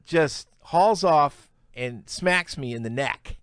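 A man's voice: fairly high pitch, slow pace, no echo, studio quality. A middle-aged man, a comedian guest, telling stories in a casual interview, acting out quotes and laughing as he talks. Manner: animated storyteller, acts out quotes, laughs mid-sentence.

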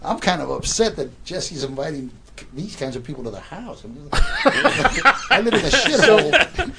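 Older guy in his 60s, gravelly voice, stammers and rambles, pitch jumps all over. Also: big pitch swings, normal speed, heavy background noise. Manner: rambling, stammers and repeats words. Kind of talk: casual anecdote telling.

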